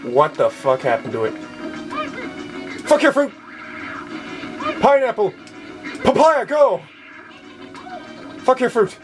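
A man commenting on his gameplay, shouting moo on a dare and swearing with excitement. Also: high voice, measured pace, pauses often. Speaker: let's play gamer. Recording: game music behind the voice.

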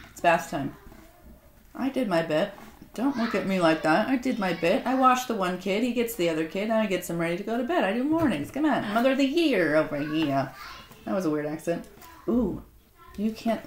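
Woman host, dry self-mocking humor, casual unboxing chat, echoey home room with faint hiss. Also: medium pitch. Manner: sarcastic, self-mocking banter. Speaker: author unboxing a gift box. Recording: roomy echo, faint noise.

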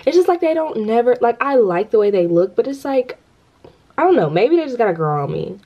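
A woman's voice: on the high side, very animated, a little fast, muffled recording. A young woman talking casually to her viewers in a rambling, chatty vlog, often addressing them directly. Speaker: vlogger. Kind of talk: casual vlog talk to camera.

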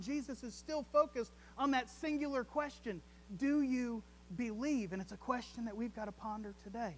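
A male pastor preaching a sermon, reading scripture aloud, with dramatic rises and soft drops. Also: very high-pitched, slight background noise. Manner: reads scripture aloud and repeats words.

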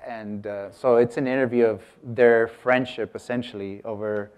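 A clean-toned, slightly mellow voice of medium pitch belongs to an American man giving a laid-back artist talk. He keeps a steady tone at normal speed, chatting, breaking off mid-sentence, and turning questions to the room.

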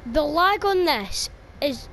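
A woman's voice: high-pitched, animated, slow pace, fairly bright tone, a little hiss or hum. A young woman commentating her own gameplay, exclaiming and swearing at the game and grumbling about lag. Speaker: gaming video creator.

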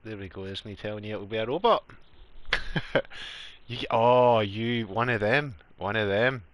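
A man's voice: fairly low pitch, moderate pace, lo-fi sound. A man live-streaming a game, chatty and joking, laughing often as he talks to his viewers. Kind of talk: casual live-stream chat.

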